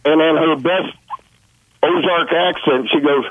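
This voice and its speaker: An older man, a retired nurse, calling in to a radio show and telling a story haltingly with many fillers. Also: fairly high pitch, slight background noise. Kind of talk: phone-in story. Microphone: telephone. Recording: tinny phone line.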